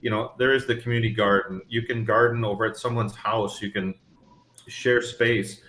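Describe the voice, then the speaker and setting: A man's voice: on the low side, steady tone, moderate pace, a bit bright, reverberant. A man co-hosting a farm livestream, talking in an easygoing, rambling, self-deprecating way. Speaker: livestream co-host. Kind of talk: casual chat.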